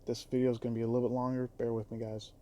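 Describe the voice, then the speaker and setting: A man's voice: medium pitch, level tone, rapid-fire, mellow, muffled recording. A man who drives for a rideshare app, talking in a casual vlog with a heated, exasperated, profane delivery. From Chicago area.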